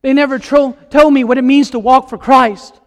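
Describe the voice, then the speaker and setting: High voiced guy preaching hard in a church, big echo hanging after every line. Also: fairly even intonation, moderate pace. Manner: impassioned, emphatic, asks the congregation questions. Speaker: guest preacher. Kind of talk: sermon. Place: church sanctuary.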